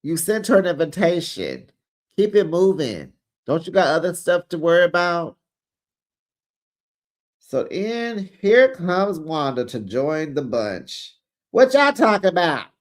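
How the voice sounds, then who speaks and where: A man giving a sassy, animated recap of a reality show, talking straight to his viewers. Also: a little high. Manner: acts out the cast's lines in quick bits. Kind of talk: casual recap commentary.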